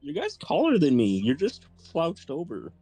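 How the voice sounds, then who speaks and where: A man's voice: on the high side, huge pitch swings, normal speed, mellow, breathy edge, no echo, faint music behind. A man player in a tabletop game, chatting casually and joking. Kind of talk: casual chat.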